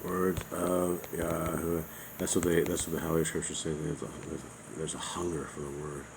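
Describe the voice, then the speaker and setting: A man's voice: very deep voice, little pitch movement, normal speed, gravelly, background noise. A man proofreading alongside a reader, casually checking the text, joking and confirming punctuation.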